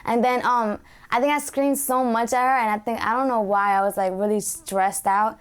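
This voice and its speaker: A woman's voice: fairly high pitch, fairly even intonation, normal speed, clean tone. A young woman telling a personal family story in a rambling way with many fillers. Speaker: documentary subject.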